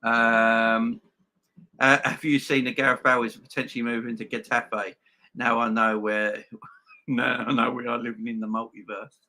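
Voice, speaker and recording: A man's voice: medium pitch, flat delivery, moderate pace, bright, forceful tone, slight background noise. A man hosting a football fan live stream, reading viewer comments. He talks emphatically, repeats his points and calls his viewers "guys". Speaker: host of a football fan channel.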